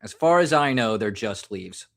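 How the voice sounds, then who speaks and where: A man's voice: on the low side, animated, moderate pace, gravelly, fairly bright tone, a little hiss or hum. An American man hosting a live stream, chatting casually and joking while drinking, rambling and self-mocking.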